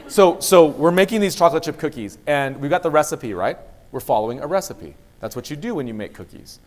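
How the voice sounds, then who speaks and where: A man's voice: a little high, a little fast. A man speaking as a university vice president of student affairs, giving a motivational talk to students and acting out dialogue as he tells stories. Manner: lively storyteller, acts out dialogue.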